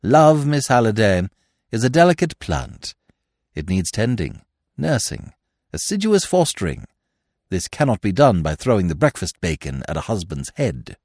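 A man doing a suave, long-winded gentleman. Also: lowish voice, very animated, moderate pace, gravelly, dry recording, clean studio sound, exaggerated voice. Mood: mock-solemn. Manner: ornate, grave and mock-sincere. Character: suave, verbose young gentleman, mock-solemn.

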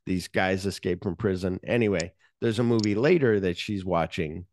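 A man's voice: low voice, normal speed, slight background noise. A man hosting a podcast, casually recapping a film's scenes with lots of swearing. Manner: animated scene retelling, frequent swearing. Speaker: podcast host. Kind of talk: casual movie-discussion chat.

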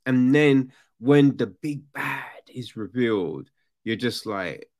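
A man rants through a casual book review, cursing freely and sounding fed up. His pitch leaps all over the place while he talks at a slow, drawn-out pace. It is mid-pitched and loose. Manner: animated, swearing, exasperated.

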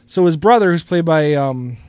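A man co-hosting a podcast, with a fairly high voice, rambling through casual anecdotes and laughing along. He sounds close to the microphone and dry, with no room echo. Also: animated, moderate pace, darkish tone, clear, resonant tone. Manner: rambling, laughs often, drifts into loose anecdotes. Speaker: podcast co-host.

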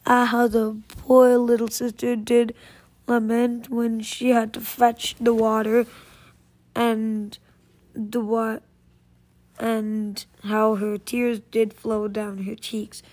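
A woman reading a fairy tale aloud, slow and measured, with small slips and restarts. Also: fairly high pitch, monotone, darkish tone. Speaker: storyteller.

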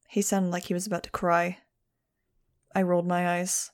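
A woman's voice: on the low side, little pitch movement, moderate pace, long pauses. A woman narrating a first-person audiobook in a dry, sardonic manner.

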